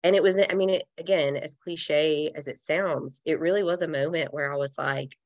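A woman with a low, gravelly voice speaks to a podcast host. She is earnest and reflective and drops casual fillers as she talks. The sound is close and dry, with little room. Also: normal speed, no room sound. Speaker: podcast guest. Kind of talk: heartfelt conversational interview.

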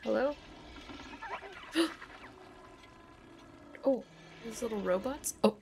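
A young woman hosting a let's play, excitable and gasping, cooing over the game's cat. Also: a little high, extremely slow, gravelly, a little hiss or hum. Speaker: gaming channel host. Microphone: desk condenser microphone.

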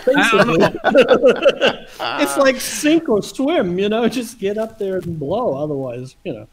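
A man telling a story in casual chat over a video call, animated and laughing often as he acts out dialogue. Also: high voice, a little slow, a crowd in the background, poor audio.

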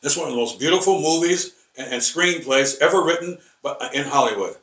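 A man teaching a rambling Bible lesson, halting and repeating words with many fillers, emphatic and combative. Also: fairly high pitch, animated, fairly bright tone. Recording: echoey room, voice from far off.

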